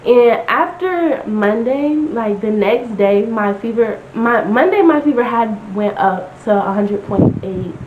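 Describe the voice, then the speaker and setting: A young woman chatting casually on a storytime vlog, telling her story with lots of "like" and quoting people in animated bursts. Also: on the high side, takes it slowly, hardly any pauses. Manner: chatty, lots of "like", animated retelling with quoted voices. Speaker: vlogger. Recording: roomy, slightly dull home recording with noise.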